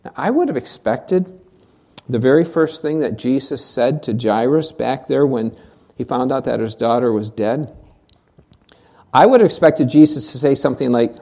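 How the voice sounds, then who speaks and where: A preacher delivers a sermon in a mid-range voice, posing question after question to the congregation. Words get doubled as they restart a thought, and the voice often sinks to a hushed, near-whisper to drive a point home. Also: medium pitch, animated, normal speed. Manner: rhetorical questions, repeats words when restarting. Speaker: pastor.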